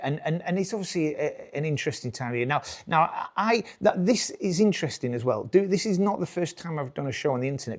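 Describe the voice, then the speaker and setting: A man's voice: a little high, darkish tone. A British man in his forties doing live stand-up, rambling, restarting his sentences and chuckling at his own jokes. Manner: rambling, self-interrupting, chuckling. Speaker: stand-up comedian.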